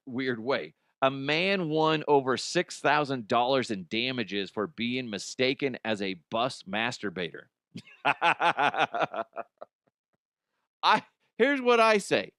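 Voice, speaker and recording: A man's voice: mid-range voice, fairly bright tone, dry recording. A man hosting a comedy podcast, ranting about odd news in an exaggerated way, laughing at his own jokes, close to the mic. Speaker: podcast host.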